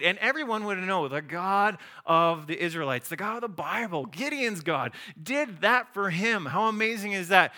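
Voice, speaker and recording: Animated, bright-voiced male pastor. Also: sits high, normal speed, few pauses. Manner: animated, acts out voices of biblical figures. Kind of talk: sermon.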